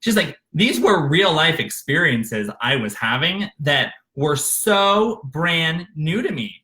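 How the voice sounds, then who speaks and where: A man tells his own life story in a bright, ringing voice that rises and falls in a lively way. He talks candidly and with feeling, catching himself with fillers and restarts as he goes. It sounds like a close studio microphone. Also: fairly high pitch, slow. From Arkansas, USA. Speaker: author narrating his memoir. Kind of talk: unscripted memoir narration.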